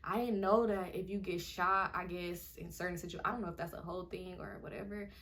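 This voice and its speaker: A woman's voice: fairly low pitch, fairly even intonation, a little fast, a bit bright. A young woman vlogger telling a story in a casual, slangy way and acting out what people said.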